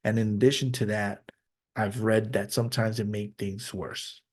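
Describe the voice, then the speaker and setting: A man hosting a podcast, speaking openly and reflectively in a personal monologue, sometimes halting and restarting his sentences. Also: fairly low pitch, little pitch movement. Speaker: podcast host.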